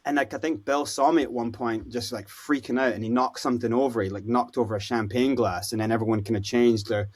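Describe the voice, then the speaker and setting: A Scottish man, a podcast guest, telling stories in a casual, animated way and acting out the voices of people he quotes. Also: mid-range voice, fast talker, hardly any pauses. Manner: animated, acts out quoted voices, lots of "you know, like". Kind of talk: casual storytelling interview.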